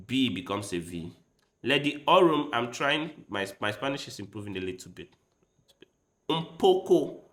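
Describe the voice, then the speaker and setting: A chess streamer chats casually with his livestream viewers, rambling and addressing them directly in a mid-range voice that sounds pushed and bright. Faint music plays in the background.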